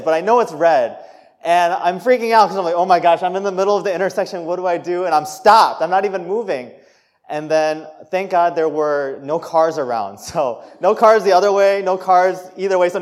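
A young man preaching a sermon, telling a personal story with lively, acted-out quotes and laughs. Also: fairly high pitch. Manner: animated storytelling, acts out quotes, laughs between lines. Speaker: pastor.

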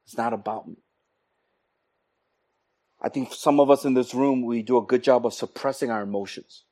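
A man preaching a sermon to his congregation, animated, acting out quoted exchanges with comic voices. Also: medium pitch, moderate pace. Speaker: pastor.

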